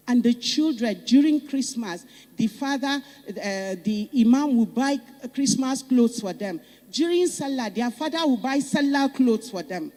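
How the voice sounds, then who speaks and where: A woman's voice: high-pitched, expressive, unhurried, hardly any pauses, warm tone. Fervent Nigerian woman in echoing hall. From northern Nigeria. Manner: fervent, repeats phrases for emphasis. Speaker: summit speaker. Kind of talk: impassioned public speech. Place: conference hall. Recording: reverberant conference hall.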